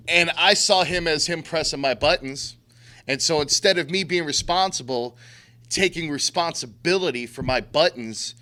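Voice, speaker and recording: A man's voice: on the high side, bright, forceful tone. A middle-aged man giving a blunt, profane talk to a recovery group, using street slang and acting out quotes. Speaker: recovery speaker.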